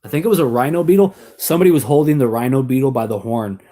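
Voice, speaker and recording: A man's voice: mid-range voice, racing, dark tone. A young adult American man chatting casually on a live stream, rambling, laughing often and restarting his sentences.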